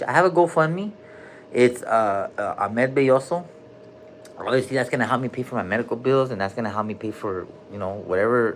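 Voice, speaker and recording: A man's voice: medium pitch, slight background noise. A man rambling loosely on a live stream from a hospital room, cursing and dropping slang as he jumps between topics.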